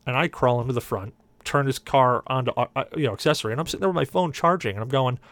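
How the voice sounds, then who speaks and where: Speaking fast at a medium pitch, a male podcast panelist tells an extended humorous anecdote and animatedly does the voices of the people in it. No echo can be heard.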